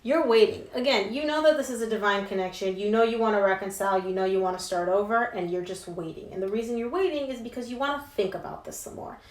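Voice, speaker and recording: A woman's voice: medium pitch, fast talker, hardly any pauses. A young adult woman giving a casual tarot reading, talking emphatically and slangily straight to her viewers. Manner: chatty and emphatic, slangy asides. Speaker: tarot reader. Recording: roomy echo.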